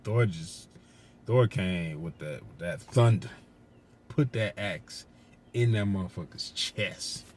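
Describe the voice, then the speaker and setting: A man casually recapping a movie's plot, rambling, swearing and getting excited as he retells scenes. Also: low-pitched, takes it slowly, slight background noise. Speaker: movie reviewer.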